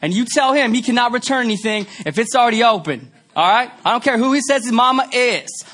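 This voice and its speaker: A man voicing a loud, bossy male store announcer over the intercom, talking with street swagger. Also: very high voice, a little fast, voice pushed up.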